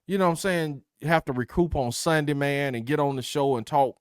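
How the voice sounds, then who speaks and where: A man's voice: a little high, a little fast, smooth, dry recording, clean studio sound. A man co-hosting a casual sports debate, laid-back and teasing. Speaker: co-host, Auburn fan.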